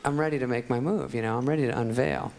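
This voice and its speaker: A male stand-up comedian with a mid-range voice and some vocal fry talks fast as he tells a sarcastic, self-deprecating story to a live crowd. Loud laughter and audience noise fill the recording.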